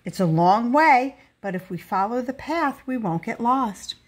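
A woman voicing a big, bearded painter who speaks gently and patiently to his son, in a lively storybook reading. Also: on the high side, measured pace. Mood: gentle. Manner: soft, patient and kindly.

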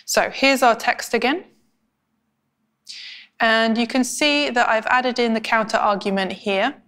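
A woman teaching academic writing in a clear, measured, scripted explainer style. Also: fairly high pitch, fairly even intonation, fairly bright tone. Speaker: language instructor.

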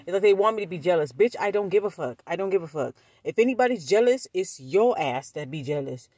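A woman vlogger telling a storytime, talking bluntly and profanely with animated energy. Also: lowish voice, fast talker, no room sound. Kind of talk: storytime vlog.

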